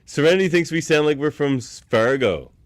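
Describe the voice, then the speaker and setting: A man's voice: on the high side, expressive. A man with a thick Nova Scotian accent chatting on a podcast in a playful, teasing way. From Canada. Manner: playful and teasing, quick to laugh. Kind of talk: casual podcast chat.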